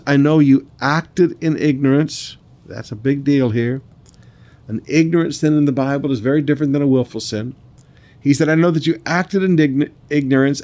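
A man delivers a sermon in a voice pitched a little high. He reads scripture in slow, weighty phrases. Between readings he breaks in with quick, chuckling asides. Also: darkish tone. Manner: reads scripture slowly, then adds quick asides with laughs. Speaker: preacher.

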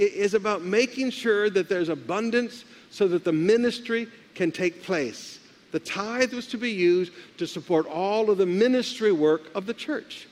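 A male pastor preaching a sermon, leading the congregation in call-and-response. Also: sits high. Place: church sanctuary. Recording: live with long hall reverb.

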